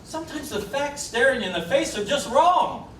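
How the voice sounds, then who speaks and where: A calm, reasoning juror. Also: male voice, extremely high pitch. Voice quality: measured, persuasive. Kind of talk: 1950s film drama. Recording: roomy film soundtrack, distant, faint hiss.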